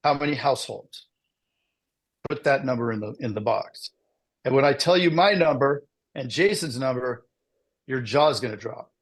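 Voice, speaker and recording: A middle-aged man giving a casual motivational talk to insurance agents, telling his story with lively asides. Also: mid-range voice, moderate pace, pauses often. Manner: animated storytelling with frequent "right?" asides. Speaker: business speaker presenting to agents.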